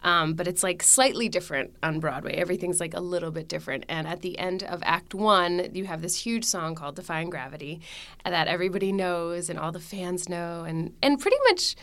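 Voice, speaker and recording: A woman's voice: on the low side, a little fast, fairly bright tone, dry recording. A young woman, a stage actress, telling a story in a casual interview, acting out her own panic in quoted lines.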